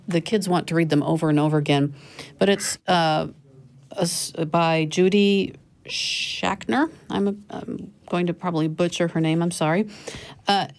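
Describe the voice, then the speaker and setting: A middle-aged woman hosts a casual panel discussion, with a low, grounded voice. She talks freely, laughs easily and corrects herself on the fly. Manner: chatty, laughing, self-correcting. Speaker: show host.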